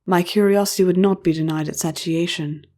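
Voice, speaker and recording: A woman reading a first-person fantasy audiobook in a measured, expressive storytelling voice. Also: fairly low pitch. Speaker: audiobook narrator.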